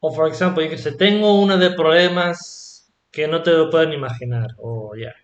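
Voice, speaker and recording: A man teaching a casual online language lesson in a relaxed way, often prompting with short checks and murmured approvals. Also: a little high, a little fast, echoey room. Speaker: Spanish teacher.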